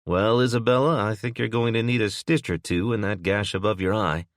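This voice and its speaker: A man's voice: on the low side, steady tone, fairly quick, no echo, studio quality, voice pushed up, natural voice. A man voicing a protective single father giving urgent, commanding instructions in a crisis.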